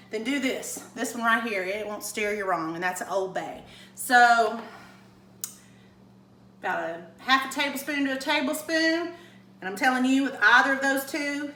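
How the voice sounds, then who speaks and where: A woman's voice: on the high side, bright, forceful tone, echoey room, poor audio. A woman hosting a casual home cooking demonstration, chatty and enthusiastic, talking to viewers as y'all. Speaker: home cooking show host. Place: home kitchen.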